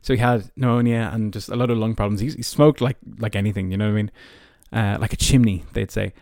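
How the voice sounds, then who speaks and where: A man's voice: lowish voice, steady tone, fast talker, darkish tone, dry recording, studio quality. A man in his early twenties with an Irish accent, a podcast host telling personal stories in a casual, rambling way full of "like" and "you know". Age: early 20s. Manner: chatty, many fillers like "like" and "you know".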